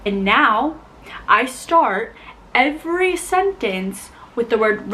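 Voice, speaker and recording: A young woman from the United States chatting casually to camera as a vlogger, animated and full of "like". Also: mid-range voice, measured pace, a little hiss or hum, low-quality recording. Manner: chatty, animated, heavy use of "like". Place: home in Scotland.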